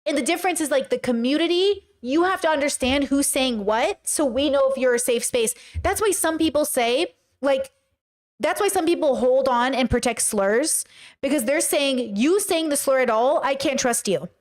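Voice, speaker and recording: High-pitched woman host; chatty commentary, lively, throws in mocking impressions. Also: moderate pace. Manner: animated, often puts on mocking voices. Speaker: podcast host reacting to a video. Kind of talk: casual commentary with live chat.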